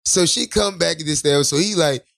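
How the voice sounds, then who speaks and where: A man telling a wild story in casual chat, acting out the people in it with shouted quotes and laughs. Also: fairly high pitch, moderate pace, gravelly. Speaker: podcast co-host telling a story. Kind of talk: animated storytelling with acted-out quotes.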